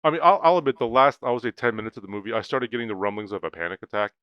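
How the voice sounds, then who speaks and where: A man's voice: medium pitch, rapid-fire, clean tone, no room sound, muffled recording. A man co-hosting a movie podcast, speaking earnestly and hesitantly, often repeating words as he works through his thoughts. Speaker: podcast co-host. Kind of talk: casual movie-review chat.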